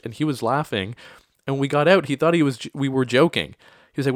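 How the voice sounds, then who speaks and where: Animated man telling stories. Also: medium pitch, fast, no echo, studio quality. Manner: animated, lots of acted-out quotes and laughter. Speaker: podcast host. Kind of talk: casual storytelling monologue.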